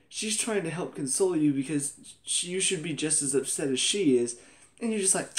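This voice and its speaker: Laughing often and exclaiming in disbelief, a young man reviews a TV episode on his vlog in a casual, animated way. His voice is a little high and his pace moderate.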